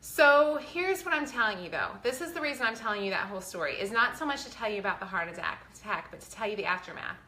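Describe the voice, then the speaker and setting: A woman's voice: mid-range voice, lively intonation, fast, few pauses, sharp tone, reverberant, a little hiss or hum. A woman, talking earnestly and chattily to her viewers, close to tears, with a faith-filled manner. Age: 40s. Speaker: vlogger. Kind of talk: casual heartfelt talk to viewers.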